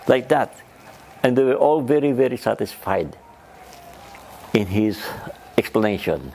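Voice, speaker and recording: A man, a spiritual teacher, recounting stories in a lively talk with loose grammar and many fillers. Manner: lively retelling, shifts pitch up for quoted speakers. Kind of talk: storytelling talk.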